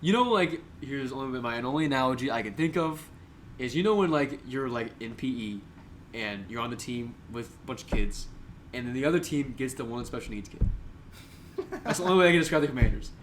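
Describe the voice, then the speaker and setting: A man's voice: medium pitch, expressive, fairly quick. A young man riffing on a casual sports podcast in a middle-range voice. He talks loosely and slangily, always ready with a roast or a laugh. A faint hiss sits under the recording. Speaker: podcast co-host.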